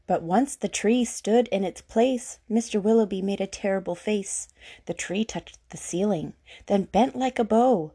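A woman reading a rhyming picture book aloud in a lilting, gently expressive way. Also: mid-range voice, measured pace, breathy edge. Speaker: storyteller.

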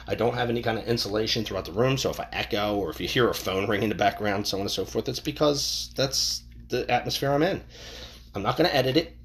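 A man with a somewhat low voice talks through a rambling, profane podcast monologue. He swings between loud outbursts and half-mumbled asides. He speaks into a boom-hung mic in a bare room with a touch of echo. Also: fast, slight background noise. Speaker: podcast host. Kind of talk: casual monologue. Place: untreated home room. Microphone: boom-hung microphone.

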